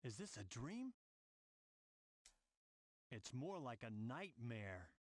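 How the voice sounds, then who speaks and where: An actor playing a stern, solitary male echidna guardian in a video game, speaking in measured solemn lines. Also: medium pitch, big pitch swings, faint music behind.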